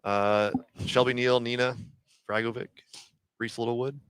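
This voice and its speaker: A man's voice: medium pitch, level tone, a little slow, a bit bright, clear, resonant tone, no echo. A man hosting a podcast, running through athletes and standings in casual commentary. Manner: runs through names and standings. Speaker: podcast host.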